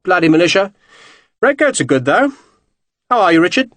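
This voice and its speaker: Suave renegade officer, mocking, cheerful, higher lilting voice, as a man reads him. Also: sing-song, moderate pace, a bit bright, dry recording. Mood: amused, urbane.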